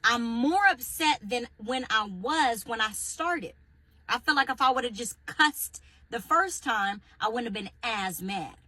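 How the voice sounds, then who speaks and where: A woman's voice: fairly high pitch, expressive, unhurried, sharp tone, no echo, low-quality recording. A mother ranting frankly on a vlog, sounding exasperated. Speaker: parent. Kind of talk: candid vlog rant.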